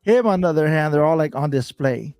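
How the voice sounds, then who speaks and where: A man with a fairly high voice tells a story in loose, slangy talk, swearing freely and getting animated as it goes. The sound is close and dry, with no room behind it. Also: a little fast, no room sound, soft background music. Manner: animated and laughing while recounting. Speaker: bobblehead collector telling a story. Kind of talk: casual chat.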